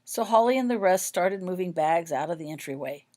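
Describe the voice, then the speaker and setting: A woman narrating her own fan fiction story in an even, expressive read-aloud manner. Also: fairly low pitch, fairly quick.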